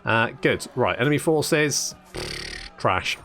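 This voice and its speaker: A man's voice: medium pitch, animated, takes it slowly, bright, forceful tone, faint music behind. A man giving casual, sarcastic let's-play commentary, thinking aloud and swearing freely. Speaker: gaming channel host.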